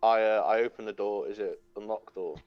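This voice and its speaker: A man's voice: fairly low pitch, steady tone, a little fast, clean tone, no echo, muffled recording, soft background music. A man playing in a tabletop role-play, eager and persuasive, often talking in character. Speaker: player.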